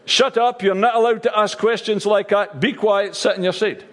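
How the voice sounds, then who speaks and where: A man's voice: high voice, fairly even intonation, normal speed, natural voice. A man voicing a curt male official from a joke who orders people to sit down, in a reverberant hall. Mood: bossy. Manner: bossy, dismissive. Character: curt male party official running a meeting.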